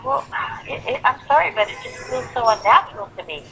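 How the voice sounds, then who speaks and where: A woman teaching English pronunciation over a video call, animated, acting out examples in put-on voices. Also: on the high side, a little fast, background noise. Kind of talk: online English lesson. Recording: phone-like call audio.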